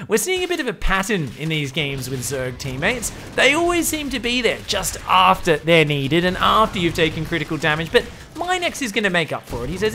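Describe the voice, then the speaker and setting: Brief: a joking, foul-mouthed male game caster with a bright tone. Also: high-pitched, wildly swooping pitch, brisk, few pauses, slight background noise. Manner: profane, joking, sarcastic. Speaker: game commentator. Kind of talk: comedic game commentary.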